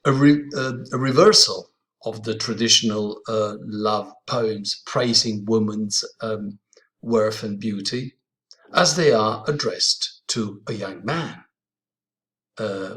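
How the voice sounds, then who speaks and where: A man's voice: fairly low pitch, fairly bright tone. A man with an Italian accent giving a hesitant literature lecture, full of fillers and restarts. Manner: halting, many fillers and restarts. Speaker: literature teacher.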